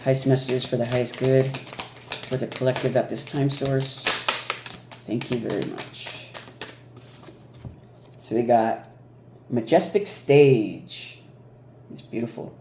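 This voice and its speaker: A man giving a casual, animated spiritual card reading, laughing and mimicking reactions as he goes. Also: mid-range voice, slow pace, long pauses. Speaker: oracle card reader. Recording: echoey room with faint noise.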